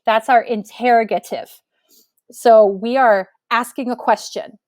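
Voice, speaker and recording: A woman teacher giving a recorded grammar lesson, explaining clearly and patiently with example sentences. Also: medium pitch, moderate pace, a little mellow, no echo.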